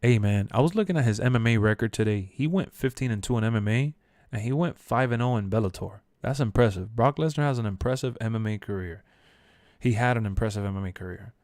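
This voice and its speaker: A young man chatting casually on a live stream, answering chat in loose slang and bursting into loud shouts when he quotes people. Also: on the low side, quick pace, no echo, studio quality. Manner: animated, jumps to shouts when quoting.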